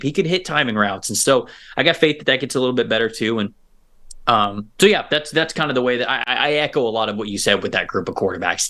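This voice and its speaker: A man co-hosting a casual sports discussion as a football analyst, speaking over a remote video call and thinking out loud with quick repeated starts. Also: mid-range voice.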